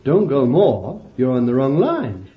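A man preaching a sermon, animated and laughing often as he calls his listeners beloved. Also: mid-range voice, a little slow, dull audio.

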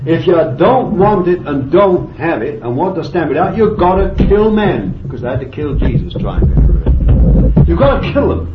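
A man's voice: a little high, big pitch swings, normal speed, over loud music. A man preaching a sermon with fervent exclamations of praise and bursts of laughter. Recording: echoey, dull, lo-fi recording with faint noise.

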